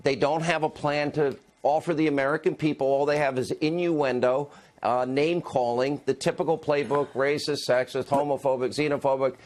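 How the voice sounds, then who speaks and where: A man's voice: fairly high pitch, steady tone, moderate pace, darkish tone. Opinionated male news host. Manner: opinionated, combative. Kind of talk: cable news interview.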